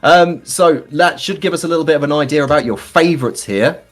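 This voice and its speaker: A man's voice: on the high side, a little fast, faint music behind. A man hosting a live gaming race stream, bantering playfully and theatrically and calling his guests sir.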